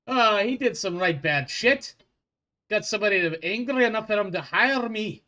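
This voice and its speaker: A man voicing a crude, cocky male dwarf bounty hunter with a put-on Scottish accent, loud and boisterous. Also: sits high, lively intonation, moderate pace, pitched above the performer's own voice. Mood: gleeful. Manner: boisterous, swearing.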